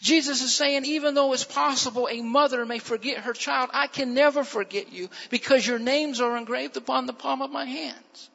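High-voiced preacher in a reverberant hall. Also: male voice, steady tone, normal speed, creaky, few pauses. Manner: emphatic preaching, repeats phrases, drops to hushed tones. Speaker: pastor. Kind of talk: sermon. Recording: muffled sound with long reverb in a hall.

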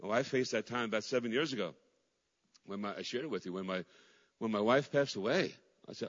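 A man's voice: on the low side, brisk, pauses often. Impassioned middle-aged male pastor, reverberant hall. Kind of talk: sermon. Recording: dull recording in a large reverberant hall.

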